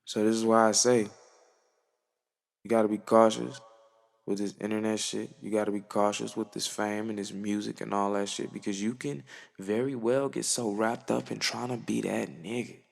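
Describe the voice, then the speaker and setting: Young man, low gravelly voice, slangy and profane, earnest reflective talk, echoey room. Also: flat delivery, normal speed. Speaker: musician vlogger. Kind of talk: reflective casual monologue.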